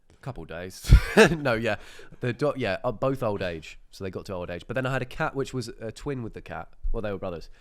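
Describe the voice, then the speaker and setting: Low-voiced man telling stories. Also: lively intonation, fairly quick, a bit bright. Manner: laughing, rambling anecdotes. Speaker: podcast host. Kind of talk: casual chat.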